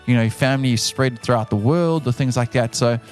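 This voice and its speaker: A man from South Africa with a South African accent, co-hosting a podcast in casual chat, earnest and repeating himself, getting animated when he insists on a point. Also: mid-range voice, a little fast, faint music behind. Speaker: podcast co-host.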